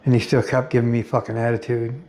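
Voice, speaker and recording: A middle-aged American man in a rambling personal monologue, blunt and profane, pausing often with fillers. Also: mid-range voice, flat delivery, a little mellow. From United States. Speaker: vlogger.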